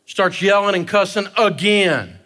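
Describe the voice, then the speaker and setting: A man giving a live seminar talk on personal finance in an energetic, joking, animated way. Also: high voice, measured pace.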